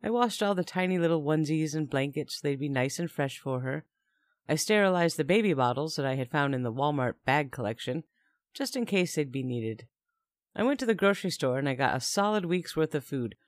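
A woman's voice: deep voice, no echo, clean studio sound. A young woman narrating a first-person story in a chatty tone with wry asides.

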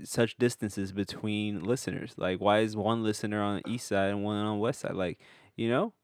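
A man's voice: lowish voice, fairly even intonation, normal speed, smooth, no echo. A young man co-hosting a podcast, joking and easygoing in casual chat. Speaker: podcast co-host.

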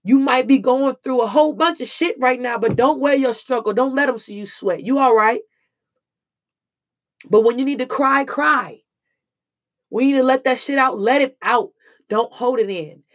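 A woman's voice: high voice, normal speed. A young woman speaking in an earnest, emphatic monologue, casual and slangy as she shares hard-won lessons. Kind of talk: emotional personal monologue.

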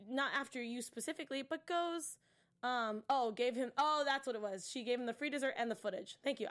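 Chatty woman host, fairly high voice. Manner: animated and chatty, acting out characters' lines and dropping to whispers for asides. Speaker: TV after-show host. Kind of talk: casual episode recap chat.

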